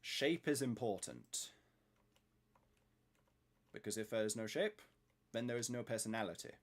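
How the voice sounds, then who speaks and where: Male streamer, lowish voice, rambling thinking-aloud commentary. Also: animated, unhurried. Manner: rambling, talks to himself while working. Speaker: streamer building in a game.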